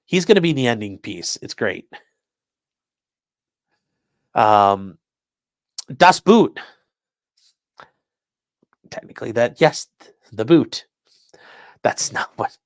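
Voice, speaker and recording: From a rural area, this livestream host speaks in a sarcastic, offhand way at a middle pitch, ridiculing people and reading out viewer comments laced with profanity. He's slow and sing-song, pausing often, and the recording is close and dry with no room sound.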